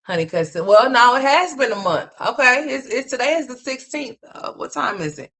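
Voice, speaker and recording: This is an unscripted gossip commentary voice, blunt and full of profanity. The speaker scolds the listener directly and rambles, circling back to the same words again and again for emphasis. Pitch sits in the middle range. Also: sing-song, normal speed, bright, forceful tone. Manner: rambling, repeats phrases for emphasis.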